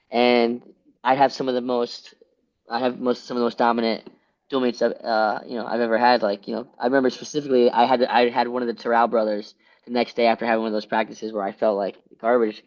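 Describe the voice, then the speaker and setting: A man's voice: mid-range voice, level tone, fast talker. A man in his late twenties from Pennsylvania, a former wrestler telling stories in an interview, rambling and restarting with lots of fillers. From Pennsylvania, USA. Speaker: guest, former college wrestler. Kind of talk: casual interview storytelling. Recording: slightly dull lo-fi sound.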